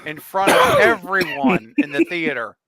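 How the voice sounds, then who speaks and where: A man's voice: sits high, measured pace, over a noisy crowd. A man in his forties on a casual livestream, telling a funny childhood story with lots of laughter. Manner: animated storyteller, laughs often. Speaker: co-host.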